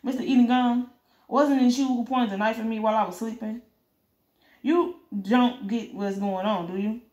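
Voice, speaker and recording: A woman's voice: on the high side, steady tone, normal speed, darkish tone, roomy sound, lo-fi sound, close to an everyday voice. A woman voicing a ruthless male gang boss who talks in sneering, foul-mouthed threats.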